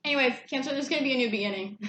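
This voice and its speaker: Talking rapid-fire in a high, somewhat bright voice, a woman reads tarot in an easygoing, conversational manner and swears without holding back. The room echoes, and there's faint background noise.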